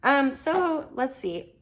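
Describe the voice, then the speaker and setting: A homeschooling mother chatting casually to the camera, upbeat and full of ums, her voice slightly hoarse. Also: high-pitched, sing-song, very slow.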